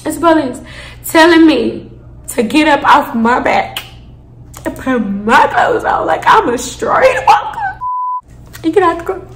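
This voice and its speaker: A young woman in her twenties tells a story to her viewers in a lively, dramatic style, swearing freely. Her voice is high and bright. The room gives it a noticeable echo. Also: measured pace, long pauses, slight background noise. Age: 20s. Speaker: storytime vlogger. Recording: echoey room.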